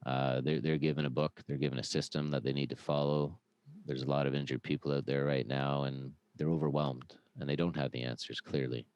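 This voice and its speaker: A man's voice: rumbling low, fairly quick, clear, resonant tone, no room sound, dull audio. A man speaking earnestly as a podcast guest, telling stories with lots of restarts and fillers. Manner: earnest, animated storytelling with many restarts. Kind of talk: casual podcast conversation.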